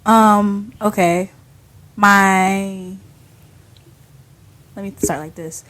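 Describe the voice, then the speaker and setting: A young woman talking as a podcast guest in a casual, animated way, laughing often and using slang. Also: medium pitch, drawn-out words. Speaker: guest, skincare business owner.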